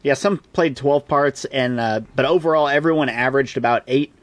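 A man co-hosting a podcast, chatting casually about a movie in a rambling way, jumping into higher voices to act out quotes. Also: moderate pace, no echo. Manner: rambling, acts out quoted lines in a raised voice. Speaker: podcast co-host. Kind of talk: casual movie review chat.

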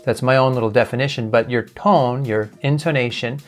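A man teaching as a communication coach, explaining clearly and sometimes imitating sounds to demonstrate. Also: mid-range voice, a little fast. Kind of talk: talking-head lesson.

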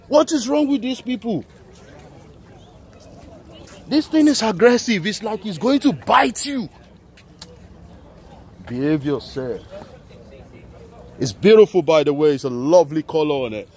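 A man excitedly showing off cars at an outdoor car meet, talking to the camera. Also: sits high. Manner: playful, exclaiming, talking to the camera. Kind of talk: excited walk-around vlog.

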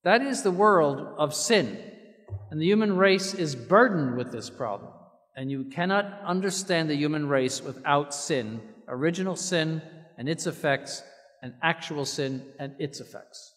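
Bishop giving a sermon: male, fairly high voice, earnest, deliberate on key words, church reverb. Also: expressive, a bit bright. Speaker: bishop preaching.

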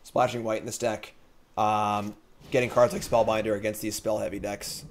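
A man's voice: fairly low pitch, flat delivery, normal speed, slight background noise. Chatty man thinking aloud over gameplay. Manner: thinking out loud, casual and chatty; jokey, reads chat comments aloud. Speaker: host of a card game stream. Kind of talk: live gameplay commentary.

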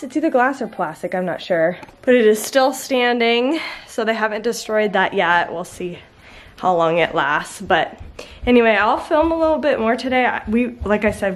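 A young woman casually chatting in a home vlog, with lots of "like" and "um" fillers. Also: fairly high pitch. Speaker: vlogger and mother. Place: family home indoors.

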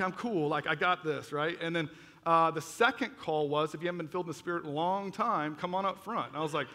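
A man preaching a testimony sermon, telling his story in an animated way and acting out his own reactions. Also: on the high side. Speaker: pastor. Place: church auditorium. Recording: long reverb of a large hall.

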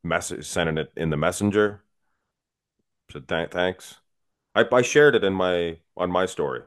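A man with a low voice co-hosts a podcast, speaking in an unhurried way. He chats casually and jokes around, keeping things laid-back.

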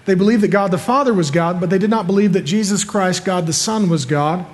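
A man's voice: high-pitched, a little fast. A man preaching a sermon as a pastor, emphatic and repeating his points with rhetorical questions.

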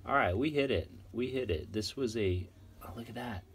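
A man casually chatting while going through a box of trading cards, excitedly rattling off names. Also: mid-range voice, normal speed, slight background noise. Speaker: card collector vlogger. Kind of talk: casual unboxing chat.

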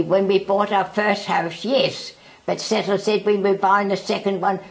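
A woman over a hundred years old, from South Africa, giving an oral history interview, speaking haltingly and often repeating herself. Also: mid-range voice, slight background noise, poor audio. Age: over 100.

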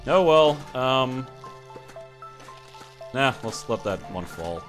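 A man hosting a let's-play, commenting sarcastically and excitably on his game. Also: mid-range voice, slow pace, faint music behind. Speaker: gaming channel host.

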